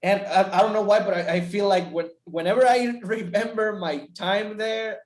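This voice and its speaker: A man from Mexico, a teacher chatting as a guest, halting and repeating words as he tells stories. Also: high voice, steady tone. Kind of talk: casual chat. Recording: roomy echo.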